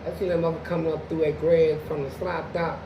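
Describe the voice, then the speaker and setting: A man guesting on a podcast, telling profane prison stories in an animated way and jumping into loud acted-out quotes. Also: fairly high pitch, fast, dull audio. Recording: echoey room with background noise.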